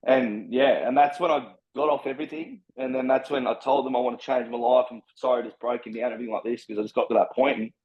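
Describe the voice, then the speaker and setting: A fast-talking Brisbane man with a mid-range voice and fairly even intonation barely pauses as he recounts his life story on a podcast, candidly, ramblingly and with plenty of swearing. The Australian-accented speaker is heard over dull audio.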